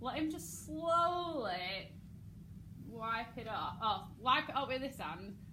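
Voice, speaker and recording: Lively English woman teaching drama. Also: a little high, takes it slowly, slight background noise. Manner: animated, acts out lines and laughs often. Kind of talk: drama lesson, acting out lines.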